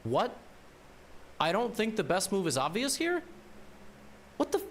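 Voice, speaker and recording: Animated man thinking aloud over a chess game. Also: sits high, a little slow, long pauses, a little hiss or hum. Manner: muttering to himself, repeating words as he calculates; wry teasing banter at the opponent. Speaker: chess streamer.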